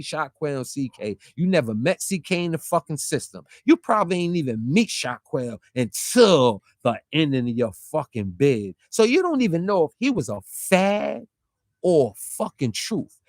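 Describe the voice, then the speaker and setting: A man rants in confrontational street talk, hammering his target with rapid rhetorical questions and mocking quoted voices. His pitch swings widely and sits a little high. The sound is dry and close, with no room around it. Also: dry recording. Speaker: online commentator. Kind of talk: heated street-talk rant.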